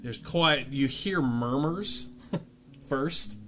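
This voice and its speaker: Halting, relaxed man running a tabletop game. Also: medium pitch, faint music behind. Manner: relaxed, halting narration with many fillers. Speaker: game master.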